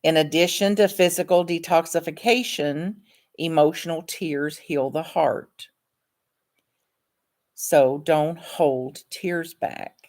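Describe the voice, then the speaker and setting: A woman, an author and counselor, reading aloud from her own book in a calm, measured, earnest way. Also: low voice.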